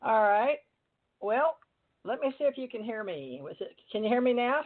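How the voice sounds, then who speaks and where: A woman's voice: on the high side, very animated, normal speed. Older woman host, chatty and rambling, calling in on a tinny phone line. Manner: chatty, rambling, reads a bio aloud. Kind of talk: casual call-in interview. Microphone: phone or computer call.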